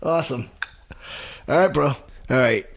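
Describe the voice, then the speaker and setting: A man's voice: mid-range voice, measured pace, gravelly, background noise. A man hosting a podcast in casual chat, rambling and digressing, often trailing off mid-sentence. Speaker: podcast host.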